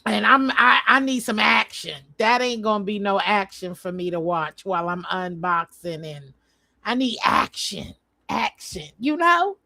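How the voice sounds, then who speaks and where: Slow-talking chatty woman, dry sound. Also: medium pitch, expressive, creaky, bright, forceful tone, no room sound. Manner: chatty, rambling, lots of fillers. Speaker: vlogger. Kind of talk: casual live stream chat. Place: home.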